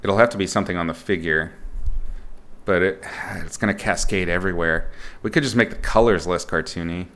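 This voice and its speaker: A man's voice: low voice, brisk, fairly bright tone. A man teaching art on a livestream in a casual, playful way, joking and swearing as he rambles. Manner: rambling, with fillers and restarts. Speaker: art instructor streaming.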